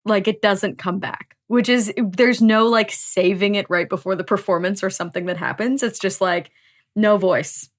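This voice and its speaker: A woman's voice: mid-range voice, fairly even intonation, normal speed. A woman hosting a book podcast, chatting casually, laughing often and swearing freely. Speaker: podcast host.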